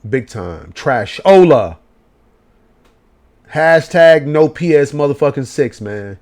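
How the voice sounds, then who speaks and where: A man's voice: on the high side, slow. A man, giving a profane late-night rant as a gaming vlogger. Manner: profane, animated ranting in slang.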